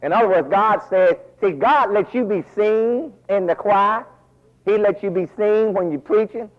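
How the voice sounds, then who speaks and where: A man preaching a folksy, animated sermon full of asides, recorded as a dull lo-fi radio broadcast. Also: high-pitched, normal speed.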